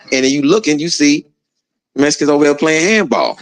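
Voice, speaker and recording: A man's voice: a little high, fast, low-quality recording. Slangy man acting out a story. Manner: animated, slangy, acts out other voices, laughs. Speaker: former prisoner telling a story. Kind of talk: casual storytelling.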